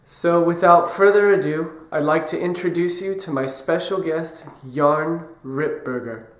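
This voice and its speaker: A man's voice: fairly high pitch, fairly even intonation, normal speed, echoey room. A man with a nasal, congested voice from a cold, hosting a casual gear review and hesitating with frequent ums. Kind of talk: casual video review intro.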